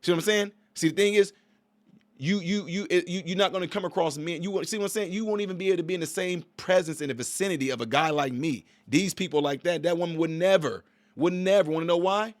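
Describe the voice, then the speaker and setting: A man's voice: sits high, quick pace, no room sound. A man in his forties giving opinionated reaction commentary on a video clip, emphatic and preachy, repeating himself.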